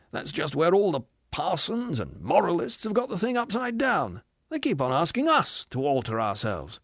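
A man's voice: on the high side, husky, no room sound, studio quality, heavily acted. A man voicing a bitter, cynical, hard-bitten male ghost who rants scornfully about being lied to. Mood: sneering. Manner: sneering, scornful, ranting complaints.

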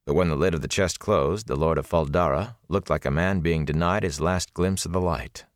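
A man narrating a fantasy audiobook in a steady, even way. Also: sits low, moderate pace, few pauses, dry recording, clean studio sound.

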